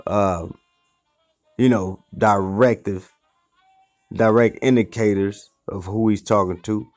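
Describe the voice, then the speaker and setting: A man's voice: on the low side, fairly even intonation, slow pace, darkish tone, soft background music. A man leading an informal Bible study, explaining word by word, often restarting phrases and checking in with "okay" and "you see what I'm saying". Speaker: Bible teacher.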